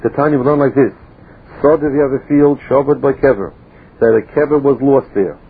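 A man with a husky, slightly rough voice gives a Talmud lecture. He reads each phrase of the text and then explains it plainly in English. The sound is thin and tinny, as if heard through a phone line. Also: medium pitch, fairly quick. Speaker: Talmud teacher.

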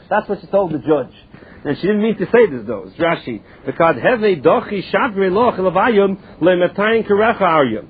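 A man's voice: high-pitched, expressive, normal speed, phone-quality sound. A man giving a Talmud lesson, reading the text in a sing-song study chant and translating it line by line. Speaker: Talmud teacher.

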